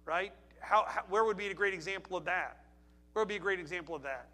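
A man preaches with a high, bright, ringing voice. He presses his points with emphatic repetition and rhetorical questions to the congregation. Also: normal speed. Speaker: pastor. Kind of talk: sermon.

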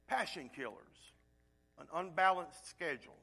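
A pastor preaching with earnest conviction, his voice sitting a little high for a man. He pushes key points out loudly, then drops into soft, hushed asides. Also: measured pace. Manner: earnest preaching, swings between loud emphasis and hushed asides. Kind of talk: sermon.

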